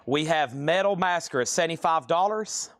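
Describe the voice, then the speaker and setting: A man hosting a live record sale stream, briskly rattling off prices and bidder names. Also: a little high, a bit bright, no room sound, studio quality. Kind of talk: live sales stream, calling bids.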